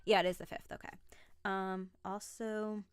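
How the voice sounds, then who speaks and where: A young adult woman hosting a casual live stream, chatty and excitable, greeting viewers by name as she talks. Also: medium pitch, unhurried, smooth, no echo, clean studio sound, faint music behind.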